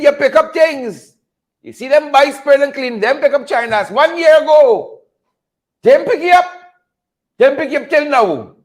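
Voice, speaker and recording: On his political commentary show, a very high-voiced Guyanese man riffs casually and live, repeating himself, chuckling, and reading out viewer names as he calls on them.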